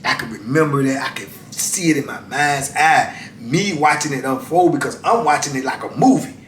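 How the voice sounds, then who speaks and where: A middle-aged man telling prison stories in a casual, colloquial way, often saying "man" and swinging between loud and hushed. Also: moderate pace. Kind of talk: casual storytelling. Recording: echoey room, mic at a distance, faint rumble.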